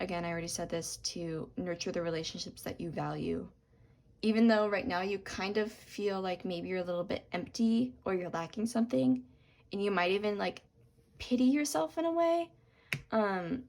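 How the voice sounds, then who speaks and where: A young woman giving a tarot reading, gentle and reassuring, with frequent ums and apologies, her voice cracking from talking a lot. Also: mid-range voice, creaky. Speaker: tarot reader.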